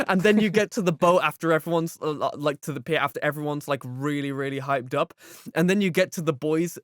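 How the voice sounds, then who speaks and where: A man co-hosting a podcast in casual chat, telling stories in an animated way full of fillers. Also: on the high side, brisk, no echo, clean studio sound. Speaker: podcast co-host.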